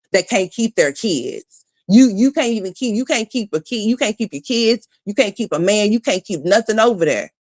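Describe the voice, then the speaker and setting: Blunt, profane woman ranting on a livestream. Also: mid-range voice. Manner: greets chat viewers by name mid-rant. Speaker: livestream commentary host. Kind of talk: ranting gossip commentary.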